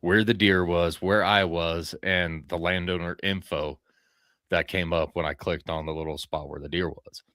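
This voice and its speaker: Deep-voiced man telling a rambling story. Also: steady tone, normal speed, fairly bright tone, dry recording, clean studio sound. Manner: profane, rambling, acts out his own quoted lines. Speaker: podcast host telling a hunting story. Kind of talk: casual storytelling.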